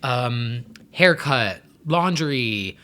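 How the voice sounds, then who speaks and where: A man's voice: medium pitch, expressive, very slow, bright, forceful tone, clear, resonant tone. A man vlogging in a casual chat, rambling in a stream-of-consciousness way with frequent "um"s, "like"s and laughs.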